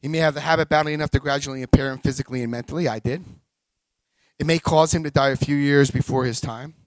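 A man in his forties speaks to a large audience. He tells a personal recovery story with energy, acting out the voices of the people in it and whooping at its high points. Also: steady tone, quick pace, no room sound. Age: 40s. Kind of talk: live talk to an audience.

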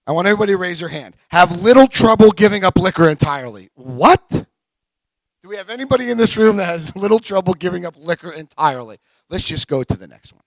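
A man in his forties tells a story to a big audience, his voice slightly high for a man and leaping all over the place as he acts out each character. The sound is close and dry, with no room echo. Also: expressive, fairly quick, creaky. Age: 40s. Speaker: speaker sharing recovery story. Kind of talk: live talk to an audience.

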